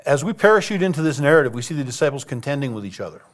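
A man's voice: mid-range voice, sing-song, racing. Man preaching a conversational sermon. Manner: conversational, acts out quoted voices, frequent restarts.

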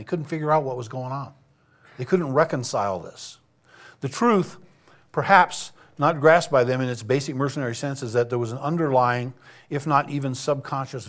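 A man preaching a sermon in a conversational way, stopping to restart phrases and acting out what people might have said. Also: medium pitch. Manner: conversational, acts out quoted voices, frequent restarts.

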